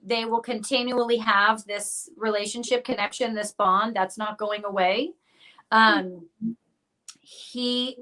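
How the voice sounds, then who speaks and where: Psychic medium host, woman, higher-pitched, chatty and playful on a live stream. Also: fairly bright tone, low-quality recording. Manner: chatty, playful, self-deprecating.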